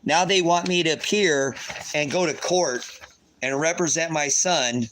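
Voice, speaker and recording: A man's voice: fairly high pitch, a little slow, a bit bright, slight background noise. A man angrily ranting on his livestream while reading court papers aloud, swearing and repeating himself. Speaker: livestream host. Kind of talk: agitated livestream rant.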